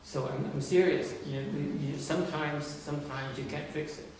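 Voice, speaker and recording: A man's voice: a little high, steady tone, moderate pace, a little mellow. A man giving an informal talk to a group, conversational and teasing, often restarting his sentences and posing questions to listeners. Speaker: teacher addressing a group. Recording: very echoey room, distant mic.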